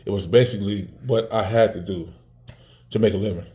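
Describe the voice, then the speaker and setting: A man's voice: fairly low pitch, steady tone, brisk, dark tone. A man in his forties talking casually to the camera, heated and profane, repeating words and restarting often. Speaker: vlogger.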